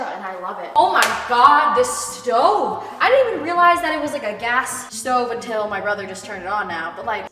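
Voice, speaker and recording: A teenage woman, chatting excitedly and casually on a house-tour vlog, with lots of "like" as she walks around. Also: fairly high pitch. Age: teens. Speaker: vlogger. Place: large empty house, indoors. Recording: echoey empty rooms, background noise.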